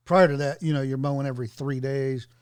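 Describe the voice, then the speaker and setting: A man's voice: medium pitch, steady tone, brisk, a little mellow, clean tone, no echo. A middle-aged man co-hosting a casual chat, matter-of-fact with dry wisecracks.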